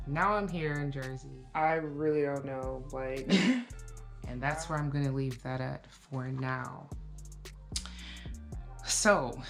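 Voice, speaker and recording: A woman in her thirties giving a casual, reflective life update to camera, talking slowly with many fillers. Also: a bass voice, vocal fry. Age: 30s. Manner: relaxed, reflective, with frequent fillers. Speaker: vlogger.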